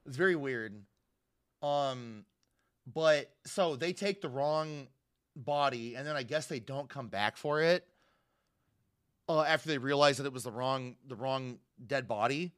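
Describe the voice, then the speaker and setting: A man's voice: mid-range voice, measured pace, clear, resonant tone, no room sound, studio quality. A young man chatting casually as a podcast co-host, recapping a movie in a rambling way and acting out quotes. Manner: rambling, acts out quotes with raised voice.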